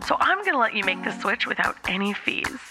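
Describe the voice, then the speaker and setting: A woman voicing a kind female customer service agent in a soft, hushed delivery. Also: medium pitch, big pitch swings, fast talker, over music. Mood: reassuring.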